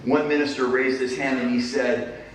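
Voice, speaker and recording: A man's voice: mid-range voice, level tone, normal speed. Middle-aged man lecturing in an echoey hall. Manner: punchy short phrases with dry humor. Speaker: keynote speaker, business professor. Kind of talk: conference keynote talk. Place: large conference hall. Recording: echoey hall, distant mic, faint noise.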